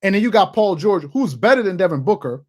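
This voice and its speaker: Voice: medium pitch, very animated, fast talker, darkish tone. A person in their thirties hosting a sports channel, giving emphatic opinion commentary and repeating points for emphasis. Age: 30s. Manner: emphatic and repetitive, hammering points home.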